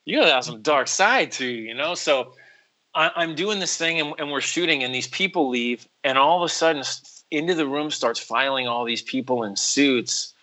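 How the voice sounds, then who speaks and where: Bright-voiced man telling a story. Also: mid-range voice, moderate pace, poor audio. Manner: animated, acts out quotes in other voices, says "bro" and "like" a lot. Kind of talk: casual storytelling chat.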